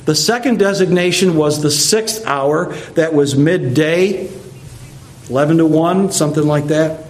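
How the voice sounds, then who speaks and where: Male preacher, expository sermon, conversational teaching tone, slightly high pitch. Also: unhurried. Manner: conversational, explanatory, with asides.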